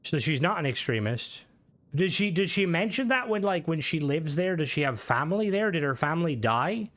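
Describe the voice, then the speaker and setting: A man's voice: a little high, sing-song, moderate pace, a bit bright. A man talks casually while streaming a game, rambling, swearing and restarting his sentences often. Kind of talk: casual gaming stream commentary.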